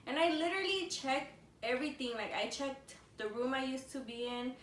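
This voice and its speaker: A woman's voice: high-pitched, animated, moderate pace. A young woman casually telling a story over a meal, rambling with constant "like" fillers and switching languages mid-sentence. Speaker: vlogger co-host. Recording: echoey room, distant mic, faint noise.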